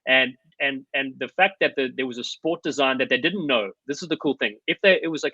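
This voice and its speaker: A South African man speaks quickly and eagerly, his voice bright and forward as he tells stories in an interview. The sound is dry and a little dull, like slightly lo-fi remote audio. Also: mid-range voice, husky, no room sound. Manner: eager, rapid storytelling with many fillers. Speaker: podcast guest, rugby commentator. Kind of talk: conversational interview.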